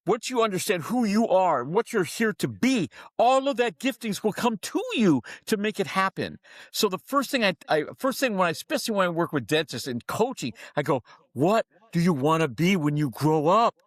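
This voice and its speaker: A man who coaches and speaks to dentists tells stories in a podcast interview, using an emphatic, preacher-like cadence and acting out the voices of people in them. His voice is high and slightly bright, with big pitch swings at a normal pace, recorded dry with clean studio sound.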